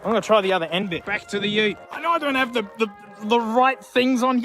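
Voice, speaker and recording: Excitable high-voiced Australian man outdoors. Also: normal speed, pauses often, music in the background. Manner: excitable, rambling, jokingly talks to objects. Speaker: YouTube host. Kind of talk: casual vlog commentary. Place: outdoors in remote bushland, plagued by flies.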